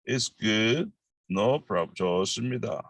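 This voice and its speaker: A man with a Korean accent, whose first language is Korean, teaching a language lesson and repeating each phrase slowly, with halting English. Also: fairly low pitch, expressive, creaky, no echo.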